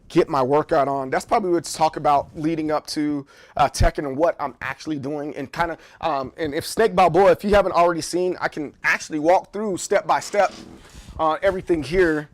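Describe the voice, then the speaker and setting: A man's voice: on the high side, brisk. A man streaming live in casual chat, rambling and joking, often repeating words. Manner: joking, playful.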